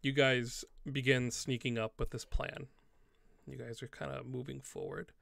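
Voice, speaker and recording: A man's voice: medium pitch, flat delivery, normal speed, gravelly, a bit bright, dry recording. A man narrating a tabletop game as game master, in loose, rambling speech full of fillers.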